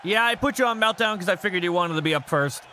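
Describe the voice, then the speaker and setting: A man streaming a wrestling game, chatting casually with viewers, rambling and reading chat aloud, with loud bursts as he reacts to the match. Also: high-pitched, quick pace, slight background noise.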